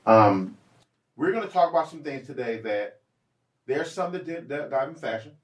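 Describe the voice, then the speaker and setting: A man's voice: mid-range voice, lively intonation, normal speed, far from the mic. Rambling male podcast host in a roomy space. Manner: loose, rambling, restarts and ums. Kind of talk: casual chat.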